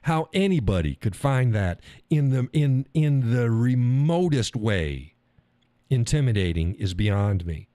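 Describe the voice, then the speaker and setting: A man's voice: mid-range voice, big pitch swings, unhurried, dark tone, no room sound. A middle-aged man hosting a live stream, talking casually in a blunt, profane way and laughing often. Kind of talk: casual opinionated monologue.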